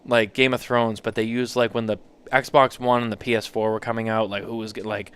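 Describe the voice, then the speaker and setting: A man's voice: fairly low pitch, little pitch movement, brisk, a bit bright, clear, resonant tone. An American man co-hosting a podcast, teasing his co-hosts in rambling casual banter and laughing often. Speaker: podcast co-host.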